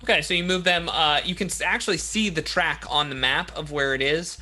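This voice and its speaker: A man's voice: on the high side, a little fast, bright, forceful tone. A man running a live tabletop game as game master, friendly and talking in loose bursts.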